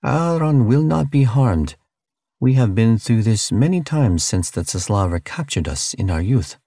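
A man reading an audiobook, voicing a gentle captive alien man who speaks slowly and reassuringly in a raised voice. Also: mid-range voice, lively intonation, dry recording, studio quality, pitched above the performer's own voice.

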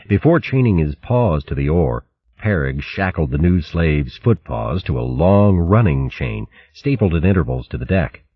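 A man narrating a storybook in a measured, dramatic way. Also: a bass voice, breathy edge, no room sound. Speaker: audiobook narrator. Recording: dull dry audiobook recording.

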